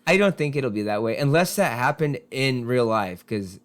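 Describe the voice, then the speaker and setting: A young man co-hosting a casual TV review chat, reasoning through plot points in a relaxed way. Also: mid-range voice, moderate pace. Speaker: podcast co-host reviewing a TV series.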